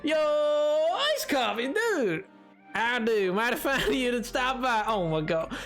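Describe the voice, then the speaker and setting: A man's voice: very high voice, lively intonation, slow pace, fairly bright tone, soft background music, pitched above the performer's own voice, exaggerated voice. A man streamer putting on a friendly Southern cowboy voice with a folksy drawl while greeting viewers on a live game stream. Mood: folksy cheerful. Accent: put-on American Southern. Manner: drawling, folksy phrases, breaks into laughter.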